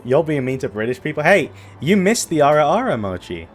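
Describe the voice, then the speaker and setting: A man's voice: fairly high pitch, very animated, moderate pace, fairly bright tone. Man reading game lines in mock British. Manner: reads characters in a put-on British accent, joking asides. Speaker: streamer. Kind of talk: live game playthrough, reading dialogue aloud.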